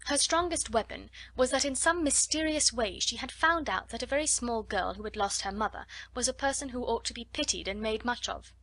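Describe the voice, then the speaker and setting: A woman reading a classic children's novel aloud as an audiobook narrator, steady and clear. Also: a little high, fairly quick, hardly any pauses, no room sound. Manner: steady storytelling. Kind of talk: scripted narration.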